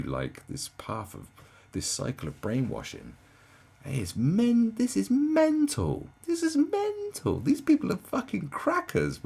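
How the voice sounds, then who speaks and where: A young man ranting in a reaction commentary, incredulous and swearing, swinging from mocking shrieks down to low, sad muttering. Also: vocal fry, a little mellow, husky.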